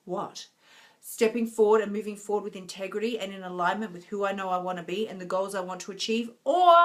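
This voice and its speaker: A woman, a health coach chatting casually with viewers on a live stream, laughing often and giving encouraging advice. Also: mid-range voice.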